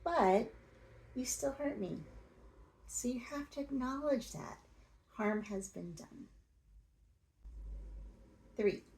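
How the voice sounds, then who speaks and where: A woman's voice: medium pitch, creaky, mellow, rough recording. A woman talking straight to her audience in a coaching, plain-spoken advice monologue. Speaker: self-help video host.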